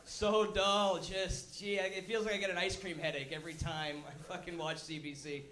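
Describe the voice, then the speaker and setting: A man rants through a profane stand-up set in a high, sharp voice. His talk is crude and animated, and it echoes in a roomy live venue. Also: moderate pace, a little hiss or hum. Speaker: comedian host.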